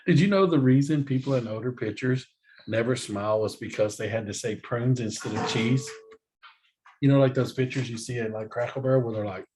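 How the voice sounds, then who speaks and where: A man's voice: medium pitch, a little fast, darkish tone. A middle-aged man, hosting a casual chat, joking and laughing as he tells silly facts. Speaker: podcast host. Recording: faint background noise.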